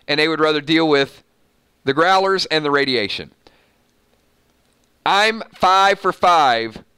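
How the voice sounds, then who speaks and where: Bright, laughing male recap host. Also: a little high, clear, resonant tone, no room sound. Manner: laughing often, sarcastic asides. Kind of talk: casual TV recap reading from an article.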